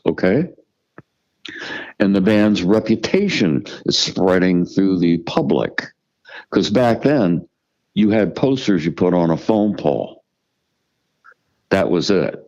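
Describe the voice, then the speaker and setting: Gravelly older man telling blunt stories. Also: low-pitched, darkish tone, lo-fi sound. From United States. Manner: profane, emphatic, restarts and repeats words. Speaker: musician guest. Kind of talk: storytelling interview.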